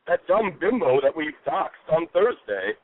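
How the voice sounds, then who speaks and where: A man's voice: a little high, big pitch swings, a little slow. A man calling into a talk radio show, speaking with hostile contempt. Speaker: caller. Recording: phone line with faint noise.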